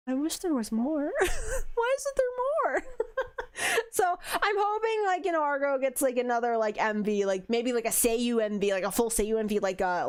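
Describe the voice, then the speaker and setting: A woman's voice: medium pitch, clean tone. A woman streaming casual commentary on a headphone-and-desk mic, gushing and giggling, filling her talk with "like". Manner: giggly, gushing, heavy use of "like". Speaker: virtual streamer. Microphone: headphones and desk microphone.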